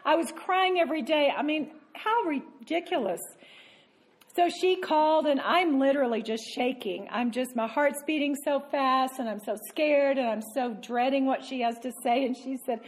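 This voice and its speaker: Animated laughing woman telling a story. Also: high-pitched, moderate pace. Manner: animated, self-mocking, laughing often. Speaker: Christian speaker. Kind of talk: storytelling talk.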